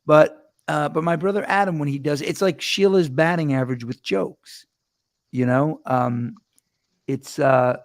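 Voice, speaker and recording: A man hosting a casual chat show, telling rambling stories with quick laughs and restarts. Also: on the high side. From New York. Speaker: host.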